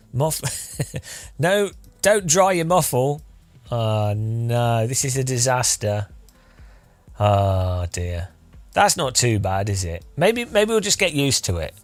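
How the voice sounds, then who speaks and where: A man's voice: medium pitch, no echo. A man streaming live, testing and adjusting his studio microphone, joking wryly as he counts into it close up. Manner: rueful, joking, counting into the mic.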